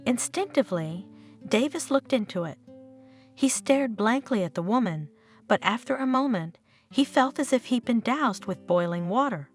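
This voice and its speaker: A woman reading a dramatic story as narrator, with soft guitar music playing under her. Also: a little high, expressive, moderate pace. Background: faint guitar music.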